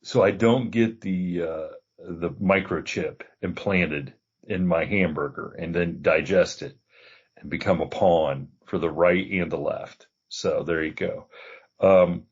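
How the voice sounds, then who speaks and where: Low husky man, casual podcast host. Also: takes it slowly, lo-fi sound. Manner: easygoing, laughs often, trails off with fillers.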